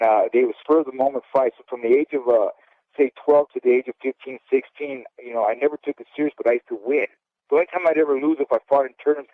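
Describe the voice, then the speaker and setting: A man's voice: mid-range voice, no room sound. A middle-aged former boxer talks candidly, rambling through his memories and tagging lines with "okay?". His voice sits in an ordinary middle range. The sound is dry and thin, like a telephone line. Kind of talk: storytelling interview. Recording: dry, phone-like audio.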